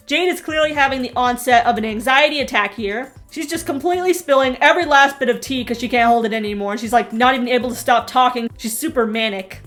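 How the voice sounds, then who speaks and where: A young woman doing sarcastic TV recap commentary, snarky and quick to laugh at her own jokes. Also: on the high side, a bit bright, soft background music. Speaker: recap vlogger.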